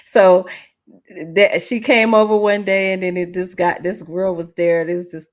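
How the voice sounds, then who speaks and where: A woman relationship coach hosting a podcast, telling a story in an animated, conversational way and speaking straight to her listeners. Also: lowish voice, normal speed. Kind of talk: casual storytelling.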